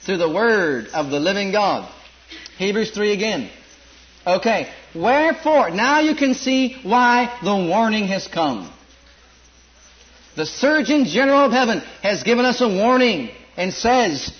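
A man preaching a sermon and reading scripture, stressing and repeating key words and dropping into quieter asides. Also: expressive, a little slow, dull audio. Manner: emphatic, repeats words, swings from low asides to loud stressed lines.

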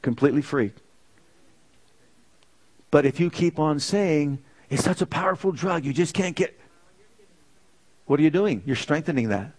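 A man's voice: fairly high pitch, animated, darkish tone. A man preaching a sermon in church, leading the congregation to repeat lines after him, stretching out phrases for emphasis. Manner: leads the congregation in call-and-response, drawn-out emphatic phrases.

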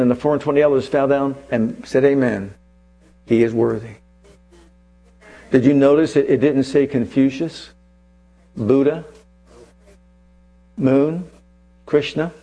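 A man preaching a sermon, swinging from hushed, low asides to soaring, fervent scripture recitals. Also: slightly rough. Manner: chants scripture with rising fervor.

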